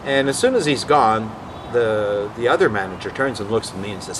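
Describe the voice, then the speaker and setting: A man's voice: fairly low pitch, a little fast, hardly any pauses, noisy background. A man telling rambling anecdotes in a casual vlog, often acting out what others said. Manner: rambling, animated, quotes others in voices. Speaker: vlog host.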